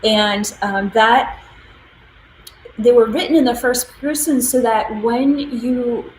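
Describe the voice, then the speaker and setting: A woman's voice: fairly high pitch, slow, echoey room, a little hiss or hum, rough recording. A woman hosting a spiritual livestream in casual talk, emotional and gushing, with many ums and likes.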